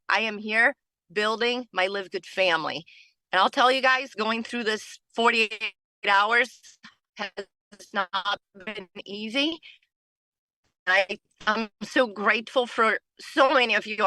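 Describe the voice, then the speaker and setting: A woman's voice: mid-range voice, a little slow, sharp tone, no echo, rough recording. A woman leading a team training call, talking earnestly and repeating phrases for emphasis, tired from lack of sleep. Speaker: team leader. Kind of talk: motivational team training talk.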